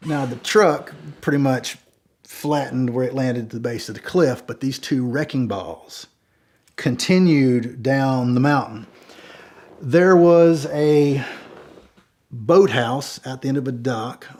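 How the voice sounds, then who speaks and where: A man telling a long story in a casual, animated way, with many fillers and repeated words. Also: medium pitch, slow. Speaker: storyteller guest.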